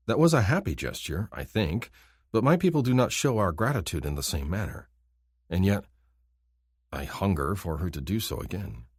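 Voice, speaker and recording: Deep-voiced male audiobook narrator. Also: very animated, normal speed, breathy edge, no room sound, clean studio sound. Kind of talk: scripted narration.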